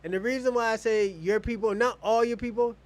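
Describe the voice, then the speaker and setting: A man's voice: high-pitched, fairly even intonation, brisk. An American man hosting an online show, arguing bluntly and profanely in a heated live debate. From United States.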